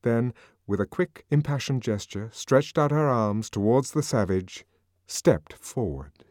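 A man's voice: medium pitch, lively intonation, unhurried, a little mellow, no echo, clean studio sound. A man reading a novel aloud as narrator, in a dramatic, varied manner. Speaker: audiobook narrator. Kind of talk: scripted narration.

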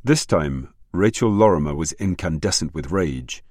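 A male narrator reads a novel aloud in a steady, measured way. His voice sits very low, and the recording is dry and close with no room sound. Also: dry recording. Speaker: audiobook narrator. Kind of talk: scripted narration.

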